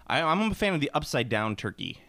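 A man's voice: a little high, sing-song, brisk, creaky, pushed and bright, no echo. A man co-hosting a casual podcast chat, ranting animatedly and swearing often.

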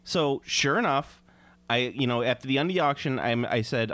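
A man's voice: medium pitch, animated, normal speed, fairly bright tone, no room sound. A man co-hosting a casual chat, telling crude mocking stories.

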